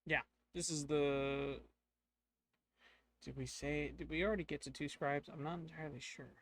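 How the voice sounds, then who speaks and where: A man's voice: fairly high pitch, fairly even intonation, moderate pace. A man narrating and playing a solo tabletop game, thinking aloud as he goes.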